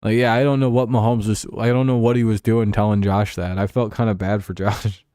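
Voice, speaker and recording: A man's voice: fairly low pitch, little pitch movement, fairly quick, dark tone, dry recording. Man, casual livestream sports talk, rambling, profane, chuckling, dry close sound. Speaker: streamer.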